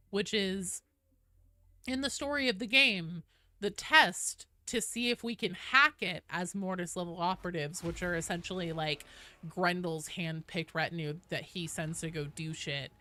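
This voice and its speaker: Casting: young West Coast American woman, chatty gaming streamer, bright lively voice, dry close mic. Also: lowish voice, unhurried, dry recording. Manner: chatty, rambling with fillers, swears casually. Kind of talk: casual gaming livestream chat.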